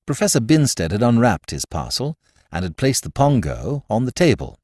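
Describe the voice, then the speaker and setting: A man narrating a classic story as a scripted audiobook, with an expressive, varied delivery. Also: deep voice, moderate pace, no echo, studio quality.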